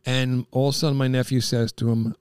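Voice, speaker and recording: A middle-aged man from Long Island telling stories in a casual chat, excitable and quick to put on high voices for the people in his tales. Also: smooth, dry recording, clean studio sound. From Long Island, New York. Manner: excitable, jumps into high-pitched impressions of people.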